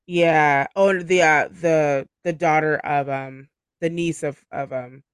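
A man's voice: on the high side, fairly even intonation, slow pace, clean tone, dry recording, clean studio sound. A man hosting a book club podcast, chatting casually, laughing often and filling his speech with "like". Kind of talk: casual chat.

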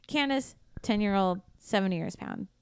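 A woman's voice: medium pitch, normal speed, clear, resonant tone, dry recording, studio quality. A woman podcast host casually retelling a true crime case in a blunt, profane, conversational way.

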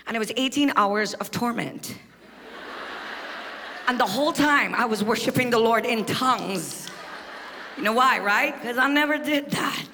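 A Trinidadian woman preaches from a stage with a high, bright, ringing voice. She drops into quiet confiding asides, then climbs into shouted testimony. A long reverb from a big church hall trails her words. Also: measured pace, long pauses, a little hiss or hum. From Trinidad and Tobago. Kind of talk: sermon.

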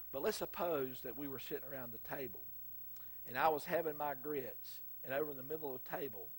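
A man's voice: fairly high pitch, slightly rough. A middle-aged man with a Southern US accent preaching a sermon, telling folksy stories with sudden emphatic bursts. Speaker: pastor.

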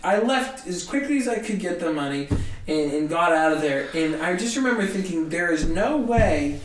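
A man, a comedian, telling a story in an animated, self-mocking way in conversation. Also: high voice, moderate pace, echoey room, far from the mic, slight background noise. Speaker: comedian guest.

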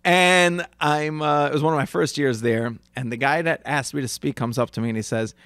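A man's voice: a little high, steady tone, brisk, fairly bright tone, smooth, no room sound, clean studio sound. A man co-hosting a casual chat, telling a story about himself in an earnest, self-deprecating way and laughing between lines. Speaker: podcast co-host.

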